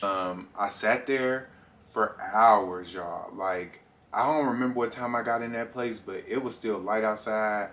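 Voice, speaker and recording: A young man vlogging a casual storytime, animated and acting out his own reactions as he goes. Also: lowish voice, measured pace.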